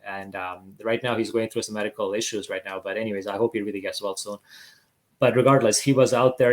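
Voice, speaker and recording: A man's voice: medium pitch, low-quality recording. A middle-aged man talking casually and earnestly as a podcast guest over a video call, often restarting his phrases. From Greater Vancouver area, Canada. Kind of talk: casual interview talk.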